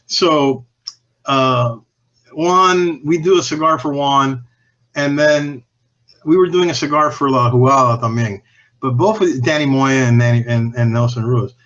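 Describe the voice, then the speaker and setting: A podcast guest from a cigar company tells casual, candid anecdotes laced with profanity, often restarting and trailing off. He speaks unhurriedly in a mid-range, slightly bright voice, though the recording's highs are cut off.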